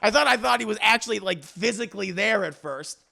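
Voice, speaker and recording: A man's voice: high-pitched, lively intonation, a little fast, vocal fry, sharp tone. A man reviewing music in a casual, rambling recap, swearing freely and acting out the lines he describes. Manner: rambling, profane, acts out the lines.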